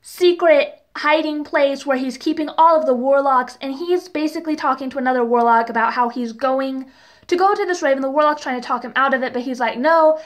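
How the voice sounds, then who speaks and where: A woman's voice: high-pitched, brisk. A young woman reviewing a TV episode in a casual vlog, chatty and gushing, with lots of fillers and exasperated rhetorical questions. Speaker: TV and book reviewer.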